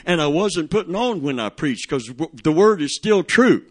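A man's voice: fairly high pitch, lively intonation, normal speed. A middle-aged male pastor preaching a sermon, telling stories and calling for amens from the congregation. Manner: preaching with call-and-response, storytelling, laughing asides.

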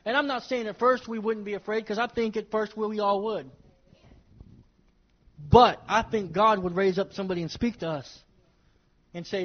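A man's voice: high-pitched, steady tone, moderate pace, pauses often. A man preaching a sermon to his congregation, emphatic and repeating his phrases as he speaks straight to them. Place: church service with congregation. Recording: dull lo-fi recording.

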